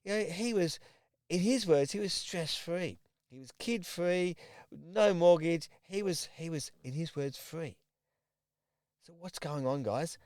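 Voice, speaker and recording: A man's voice: fairly high pitch, a little slow, darkish tone, dry recording, studio quality. A middle-aged man, a personal trainer talking to camera and telling a client's story in a conversational way, with repeated phrases and restarts. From Australia. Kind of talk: direct-to-camera coaching talk.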